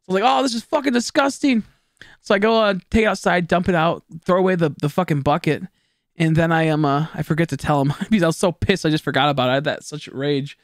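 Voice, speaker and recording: A man's voice: on the high side, fast, no room sound, studio quality. A young man streaming a video game, chatting casually with viewers in a rambling, profane, joking way. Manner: jokey, goofing with chat.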